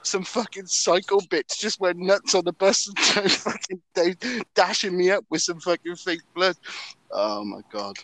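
Welsh lad with a high voice, swearing a lot, dry close sound. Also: male voice, measured pace, no room sound, poor audio. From Wales. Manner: animated, swears a lot, laughs mid-story. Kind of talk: casual storytelling chat.

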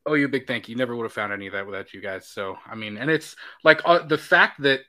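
Male host, upbeat, mid pitch, bright tone. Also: expressive, fast. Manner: upbeat, reads viewer comments aloud. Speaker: podcast host. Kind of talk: casual chat.

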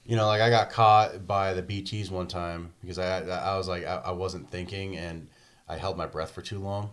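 A man's voice: low-pitched, fairly even intonation, normal speed. A man in casual chat about a video game, rambling and swearing freely, acting out quotes as he goes.

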